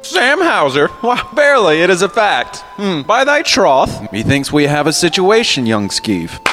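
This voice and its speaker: Man doing a boastful fake-medieval lord, mock archaic talk, lively swinging pitch, long reverb. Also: a little slow, faint music behind, exaggerated voice. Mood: commanding. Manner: mock archaic speech, bellowing orders.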